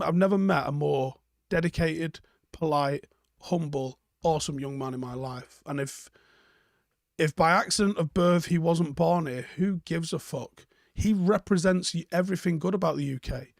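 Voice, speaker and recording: Man, live stream host, gravelly, fairly high voice, sweary, blunt, dry sound. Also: no room sound. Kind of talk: casual live chat reading viewer comments.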